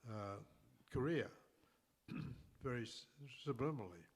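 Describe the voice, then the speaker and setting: A man's voice: medium pitch, expressive, unhurried. An older man with an Australian accent, co-hosting a casual chat and telling long, rambling anecdotes with many restarts and chuckles. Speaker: co-host telling stories.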